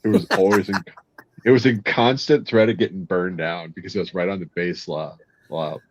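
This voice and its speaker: A man's voice: low voice, steady tone, moderate pace, background noise. A man, a Marine veteran, joking crudely in casual chat. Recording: dry, dull lo-fi sound.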